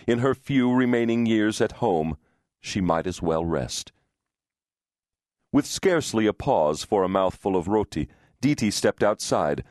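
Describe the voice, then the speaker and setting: A man reading a historical novel aloud as an audiobook narrator, measured and expressive. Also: low-pitched, no echo, studio quality. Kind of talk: scripted narration. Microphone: studio microphone.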